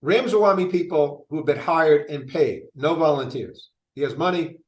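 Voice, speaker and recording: A man's voice: a little high, moderate pace. An older man running for office, talking casually in an interview with a rambling, restart-filled manner. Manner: animated, rambling, frequent restarts. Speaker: presidential candidate. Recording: echoey room.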